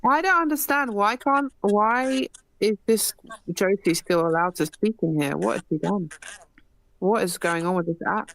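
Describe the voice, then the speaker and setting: A woman hosts an online debate stream, pressing a caller with question after question. Her voice is mid-pitched and sounds dry and close. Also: moderate pace, no room sound. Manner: questioning, repeatedly interrupting to ask why. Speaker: stream host moderating.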